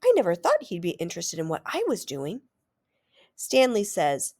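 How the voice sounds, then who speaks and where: A teacher reading a children's chapter book aloud to her students with expressive storytelling. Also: fairly low pitch, moderate pace.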